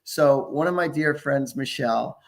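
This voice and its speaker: Gravelly-voiced man hosting a psychic show. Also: medium pitch, moderate pace. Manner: rambling, chuckling storyteller. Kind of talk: casual psychic readings chat.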